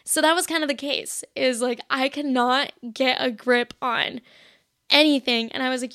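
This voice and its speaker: High-voiced young woman, chatty and gravelly. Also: steady tone, moderate pace, sharp tone, no echo, clean studio sound. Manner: chatty, heavy "like" filler, acts out her own past lines. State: shaky, emotional. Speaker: podcast host. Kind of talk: casual confessional monologue.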